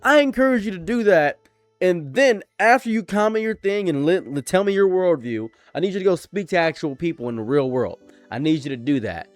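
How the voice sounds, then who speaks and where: A man's voice: sits high, expressive, fairly quick, dry recording, soft background music. A young man giving a frank commentary monologue to his viewers, often repeating points for emphasis. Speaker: commentary YouTuber.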